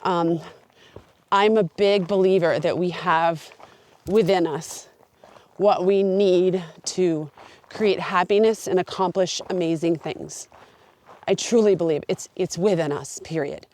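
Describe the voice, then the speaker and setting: A woman's voice: fairly low pitch, a little slow, a little mellow. A woman hiking a long trail, talking to her camera outdoors in an earnest, open and heartfelt way. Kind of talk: reflective talk to camera.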